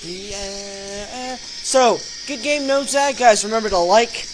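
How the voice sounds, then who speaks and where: Excitable high-voiced young man. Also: slow pace, poor audio. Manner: energetic, breaks into loud excited shouts. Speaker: gaming channel host. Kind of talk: excited battle commentary over gameplay video. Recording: voice-over with faint background music.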